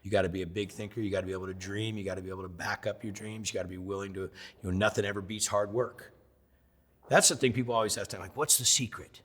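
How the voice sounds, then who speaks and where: A husky, fairly low-voiced man of middle age tells his story as an interview guest. He acts out each quoted line and swings from loud bursts to near whispers. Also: fairly even intonation, quick pace. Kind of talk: animated storytelling.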